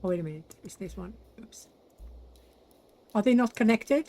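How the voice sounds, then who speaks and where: A young woman talks her way through a building game, chatty and self-deprecating, muttering little complaints to herself as she goes. Her voice sits at an ordinary middle pitch. Faint game music plays under her commentary. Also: expressive, moderate pace, mellow. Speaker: gaming channel host. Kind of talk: casual let's-play commentary.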